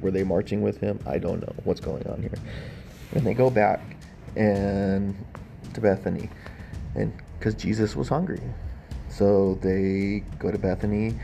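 Wry low-voiced man, gravelly. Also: mellow, a little hiss or hum. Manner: wry, questioning, thinks aloud with fillers. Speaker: commentator on bible stories. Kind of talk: sarcastic casual commentary.

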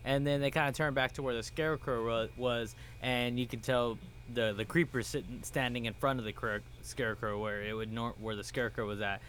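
A man casually explaining a movie scene, relaxed, often trailing off and restarting words. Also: medium pitch, a little fast, a little hiss or hum. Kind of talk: casual movie recap chat.

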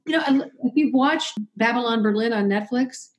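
A woman's voice: a little high, moderate pace. A woman talking casually as an interview guest, chatty and opinionated, often restarting and correcting herself. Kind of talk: casual conversation.

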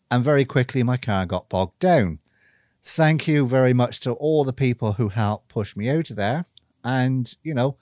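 A man speaking a personal, reflective monologue to camera, earnest and measured, stressing key words through repetition. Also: medium pitch, darkish tone, no room sound, clean studio sound.

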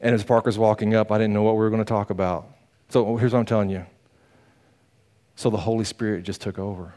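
Pastor, male, folksy and animated sermon storyteller. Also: fairly low pitch, quick pace. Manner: animated, folksy, acts out quotes.

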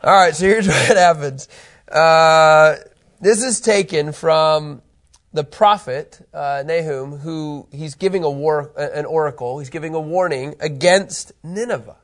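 Guy teaching a small bible class, kinda high voice, chatty, keeps asking the room stuff. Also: unhurried, a bit bright. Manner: chatty, asks the room questions, restarts phrases.

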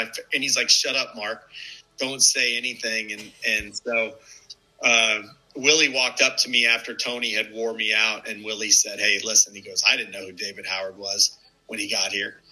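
A man in his fifties, a former ballplayer and podcast guest, telling stories casually and acting out the people he quotes. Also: low-quality recording. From United States. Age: 50s. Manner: animated, acts out quoted people with sharp jumps in pitch, lots of fillers. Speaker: former baseball player, guest. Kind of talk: casual storytelling.

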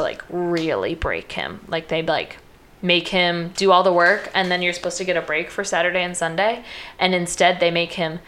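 A woman's voice: lowish voice, fairly bright tone. Chatty woman retelling a film plot. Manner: chatty, uses lots of "like", acts out quoted lines.

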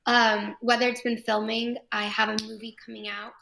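A woman from Texas, an actress guest chatting enthusiastically in an interview, with frequent quick restarts. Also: fairly high pitch, little pitch movement, creaky, bright, forceful tone, a little hiss or hum. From Texas, USA. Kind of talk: casual interview chat.

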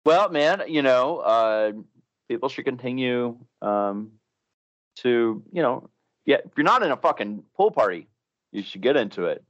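A man's voice: mid-range voice, animated, unhurried. A man guesting on a podcast, talking casually and hesitantly with many ums, heard over dull lo-fi remote audio. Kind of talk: casual chat.

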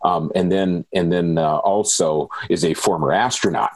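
A man's voice: low-pitched, normal speed. A man co-hosting a casual political podcast, giving analysis with frequent fillers and repeated words. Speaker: podcast co-host.

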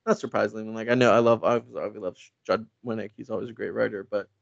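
A man with a gravelly, creaky voice rambles through a casual podcast chat about comics, full of fillers and restarts. The sound is dry and slightly dull, close and without room echo. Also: on the low side, fairly even intonation, fast. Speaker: podcast co-host. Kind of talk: casual comic book discussion.

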